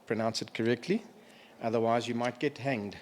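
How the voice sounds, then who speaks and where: A middle-aged man delivering a memorial eulogy for a family member, halting and emotional, pausing to clear his throat. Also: mid-range voice, fairly even intonation, a little mellow, slight background noise.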